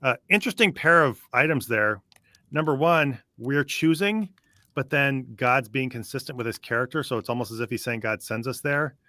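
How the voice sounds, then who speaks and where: A man's voice: medium pitch, normal speed, sharp tone, no room sound. A man hosting a casual podcast, reading passages from a book and picking them apart in a dry, skeptical way. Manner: skeptical, dry, thinks aloud with restarts. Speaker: podcast host.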